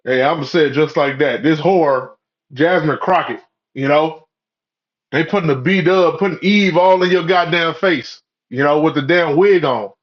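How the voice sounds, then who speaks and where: A man's voice: a little high, moderate pace. A man in a rambling, profane, preachy monologue, full of "you know" and "man" fillers. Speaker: religious commentator. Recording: dull lo-fi audio.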